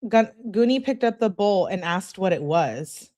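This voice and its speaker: A woman's voice: mid-range voice, animated, unhurried, dark tone. A woman hosting her channel, reading text messages aloud in a casual way and adding blunt, profane asides while greeting viewers. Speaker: channel host reading case evidence.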